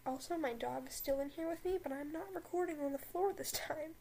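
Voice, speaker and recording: A woman's voice: high-pitched, a little fast, a little mellow, poor audio. A young woman hosting a casual podcast, rambling with lots of fillers and giggles, then reading a story aloud at home. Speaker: podcast host. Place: home room with a dog.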